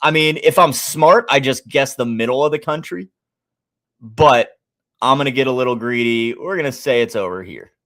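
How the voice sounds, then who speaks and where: A man with a Midwestern American accent hosting a live sports stream, chatting casually, thinking aloud and shouting out viewers in the chat. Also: mid-range voice, moderate pace. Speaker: sports betting stream host.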